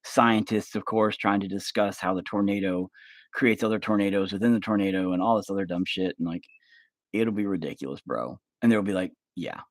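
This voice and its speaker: Low-voiced swearing guy rambling. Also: a little fast, no echo. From Oklahoma. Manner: rambling, swears a lot, says "bro". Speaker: vlogger. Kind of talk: casual rambling vlog. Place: at home, kids nearby. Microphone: phone held up.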